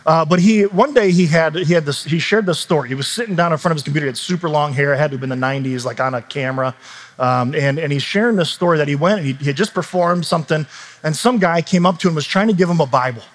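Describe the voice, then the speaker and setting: Middle-aged male pastor, slightly high voice, chatty sermon delivery with restarts. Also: quick pace. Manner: conversational preaching with frequent restarts and fillers.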